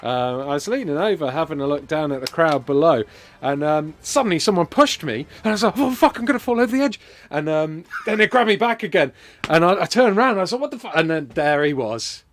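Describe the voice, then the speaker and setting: A man and podcast co-host telling an absurd, exaggerated comic story in an animated, deadpan way. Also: a little high, fairly quick, a little hiss or hum. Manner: animated, deadpan tall-tale telling with sudden jumps in volume.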